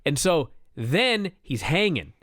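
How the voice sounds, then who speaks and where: A man co-hosting a wrestling review show, retelling a match with excited, profane storytelling. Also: on the high side, slow, dry recording, studio quality. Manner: animated storyteller, swears freely, laughs while telling. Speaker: wrestling podcast co-host. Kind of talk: excited casual review chat.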